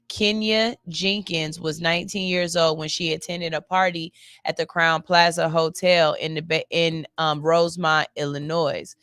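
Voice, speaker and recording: Gravelly casual radio host woman. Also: fairly low pitch, fairly bright tone, no echo, studio quality. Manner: chatty, loose, curses casually, yawns between lines. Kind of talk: casual radio chat and news reading. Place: cold studio.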